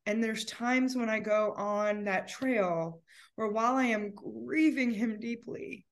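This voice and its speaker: A woman's voice: fairly high pitch, takes it slowly. A woman talking as a guest in an emotional, heartfelt conversation, at times near tears.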